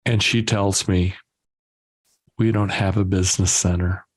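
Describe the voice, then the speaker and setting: A man, a guest entrepreneur, telling lively stories in conversation and acting out the dialogue. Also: sits low, a little slow. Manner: lively anecdotal storyteller, acts out dialogue. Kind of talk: conversational storytelling.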